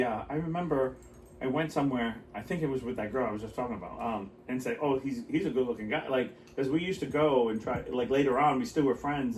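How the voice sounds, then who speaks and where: A man co-hosting a podcast, chatting casually and telling rambling stories with lots of laughter. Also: mid-range voice. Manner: rambling, animated storytelling with frequent laughter. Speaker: podcast co-host. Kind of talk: casual chat. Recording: roomy, slightly distant with faint noise.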